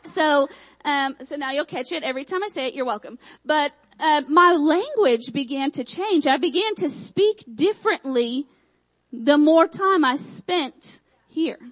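A young woman from Michigan with a Texan accent, preaching a sermon with emphatic repeated phrases and quick asides. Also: high-pitched, lively intonation, poor audio.

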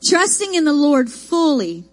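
A woman's voice: sits high, sing-song, a little slow, soft background music. A woman preaching a sermon, mixing folksy personal stories with emphatic, rising declarations.

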